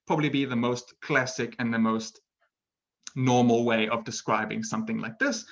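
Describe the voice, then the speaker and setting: Man, english teacher, live online lesson, chatty, keeps asking "right?", medium pitch, muffled lo-fi sound. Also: fairly bright tone. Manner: chatty, often tags "right?"; reads out viewer comments.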